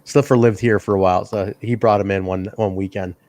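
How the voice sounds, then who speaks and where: On a laid-back wrestling review podcast, this male co-host tells stories with real energy, laughing a lot, cursing, and doing quotes in a raised voice. He talks briskly, and the recording has no room sound.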